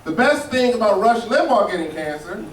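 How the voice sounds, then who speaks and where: A man's voice: high voice, big pitch swings, normal speed. A man doing a stand-up comedy set, telling loose, profane stories that swing between somber and mocking. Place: comedy club stage with a live audience. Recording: roomy, distant live club recording with loud crowd noise.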